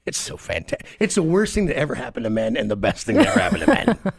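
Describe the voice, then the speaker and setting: A man's voice: mid-range voice, big pitch swings, fast, vocal fry, slightly rough, no echo. A male radio host trading crude jokes and stories in loose, profane banter on a studio mic. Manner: loose, profane, jokey storyteller.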